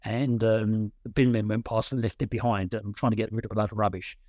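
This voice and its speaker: A man's voice: fairly low pitch, little pitch movement, brisk, a little mellow, dry recording. A man, a coaching client, telling anecdotes in a rambling way with many restarts. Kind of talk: casual chat on a call.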